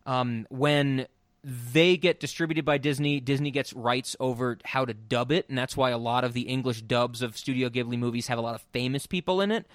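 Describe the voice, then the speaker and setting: A man with a mid-range voice talks at a moderate pace, recorded dry. He's a podcast host rambling casually and opinionatedly about film voice acting, with frequent ums, restarts and swear words.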